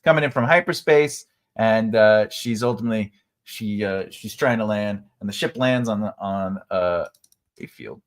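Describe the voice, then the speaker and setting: A man's voice: lowish voice, moderate pace. A man hosting a casual livestream writing lesson from home, chatty and loose, with many fillers and restarts. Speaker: writing teacher and livestream host.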